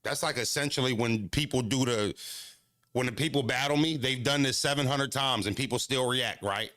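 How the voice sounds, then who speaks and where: A man who battle raps, riffing to his live-stream audience in a loose, repetitive rant. His voice sits in a middle pitch, close and dry, and it jumps between low grumbles and high, animated outbursts. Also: normal speed, no room sound.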